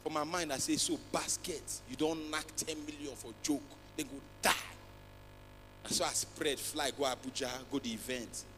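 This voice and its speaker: Nigerian stand-up comic in a reverberant hall. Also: male voice, a little high, steady tone, moderate pace. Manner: mixes Pidgin and English, loud acted outbursts. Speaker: stand-up comedian. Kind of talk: stand-up comedy routine. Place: large live comedy festival stage. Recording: long hall reverb, faint music.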